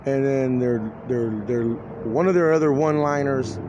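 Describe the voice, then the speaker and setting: A man in his forties talking to camera in a rambling, agitated, profane video monologue, halting and restarting often. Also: mid-range voice, darkish tone, a little hiss or hum. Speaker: vlogger.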